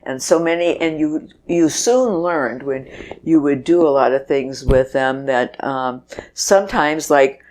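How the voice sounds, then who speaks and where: A woman's voice: low-pitched, a little slow, darkish tone. Older woman telling chatty anecdotes. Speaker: guest, festival organizer. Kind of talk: casual interview storytelling.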